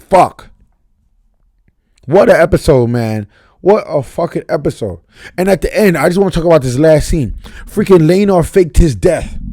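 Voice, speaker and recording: A man's voice: a little high, dark tone, no echo. A young man, reviewing a TV episode at home late at night in a profane, emphatic casual rant. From New York area. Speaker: TV review vlogger.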